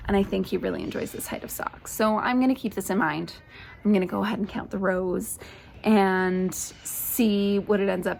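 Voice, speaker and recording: A woman's voice: medium pitch, gravelly, slight background noise. A young woman hosting a knitting podcast, chatting in a casual, enthusiastic, rambling way with plenty of fillers, speaking to the camera. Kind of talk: casual show-and-tell chat. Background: faint birdsong ambience.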